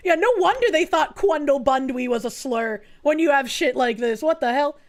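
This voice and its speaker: High-voiced crude joking woman streamer. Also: lively intonation, normal speed. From Boston. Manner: crude, joking, reads chat messages aloud. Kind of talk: live stream reaction commentary.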